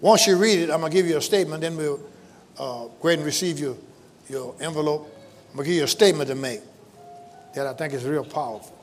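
A man preaching a sermon to his congregation, leading call-and-response lines and breaking into shouts, with folksy, joking asides. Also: a little high, fast talker, pauses often, in a large hall, slight background noise. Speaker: pastor. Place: church sanctuary.

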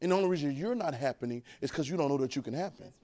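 A man preaching a sermon, urging the congregation to repeat lines after him and swinging between quiet, drawn-out talk and loud bursts. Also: on the high side, animated.

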